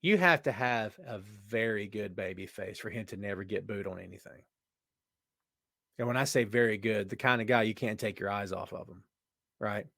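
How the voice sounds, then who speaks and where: Animated man hosting a wrestling podcast. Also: on the low side, moderate pace, creaky, no room sound, clean studio sound. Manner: animated, reads out viewer comments. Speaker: podcast host. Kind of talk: live-chat wrestling talk.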